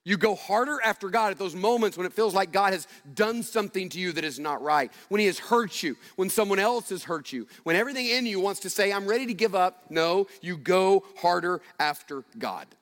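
Guy pastor preaching, fairly high voice, chatty with lots of questions, long echo. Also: fast talker, few pauses, fairly bright tone. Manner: conversational, rhetorical questions, self-deprecating stories. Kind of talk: sermon.

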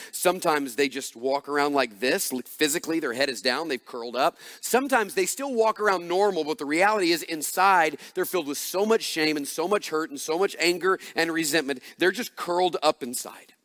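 A man's voice: fairly high pitch, a bit bright. A man preaching a sermon as pastor, emphatic and repetitive, building punchy refrains. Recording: long reverb of a large hall.

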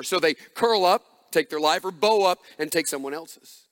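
High-voiced preacher in a reverberant hall. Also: male voice, moderate pace, a bit bright. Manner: emphatic, repetitive preaching with rising, punchy refrains. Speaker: pastor. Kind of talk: sermon. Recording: long reverb of a large hall.

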